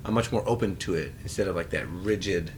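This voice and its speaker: A man in a casual chat, relaxed and reflective, describing himself as a listener. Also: sits low, fast talker, slight background noise.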